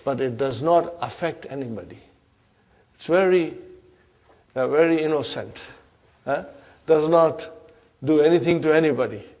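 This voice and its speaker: A man's voice: on the high side, normal speed, pauses often, darkish tone. A man with Urdu as his first language, teaching an Arabic grammar class and constantly checking in with his students. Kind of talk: classroom lecture.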